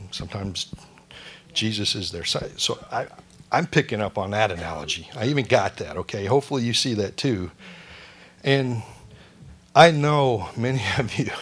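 A man preaching a sermon in church, mixing quick jokes with plain teaching and dropping to a soft, hushed voice when he prays. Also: on the low side. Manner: joking asides, drops to a soft hush for prayer. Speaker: pastor.

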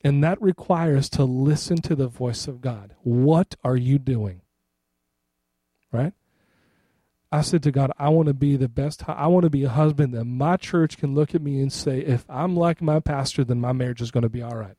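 A man's voice: medium pitch, moderate pace, warm tone, no echo, clean studio sound. A middle-aged man, a pastor, preaching a sermon in a loose, conversational way, often checking in with the congregation. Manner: conversational, repeats "right?" to the congregation.

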